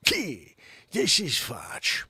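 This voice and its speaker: A man playing a male mob hitman taking a call, speaking low in a hushed, half-whispered voice. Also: wildly swooping pitch, very slow, vocal fry, husky, no echo, full character voice. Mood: secretive.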